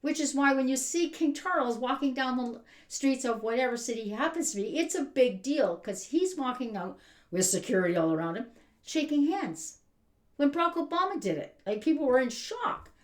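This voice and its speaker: A woman's voice: sits high, lively intonation, a little fast. A woman giving an exasperated, emphatic rant as a vlogger. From Canada. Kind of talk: ranting commentary. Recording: roomy echo.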